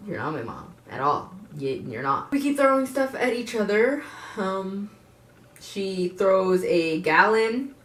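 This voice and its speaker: Speaking to her viewers in an echoey room, a woman in her twenties shares a personal story with frank bluntness, free swearing, and asides aimed at the audience. She's a vlogger with a medium-pitched, sing-song, unhurried voice.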